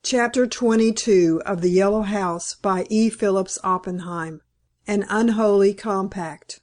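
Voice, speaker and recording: A woman reading a classic novel aloud as an audiobook narrator, in a measured, composed manner. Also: mid-range voice, a little mellow.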